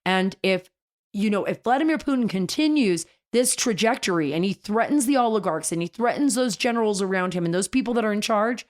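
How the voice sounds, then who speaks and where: A woman's voice: medium pitch, brisk. Chatty, enthusiastic woman talk host. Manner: enthusiastic, chatty, many restarts. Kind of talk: casual political radio commentary.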